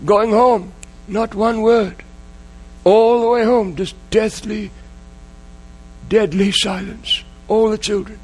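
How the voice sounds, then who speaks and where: A man's voice: sits high, steady tone, takes it slowly. A man preaching a sermon, telling a story in an emotional way and repeating key phrases. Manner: emotional, repetitive, dwells on phrases.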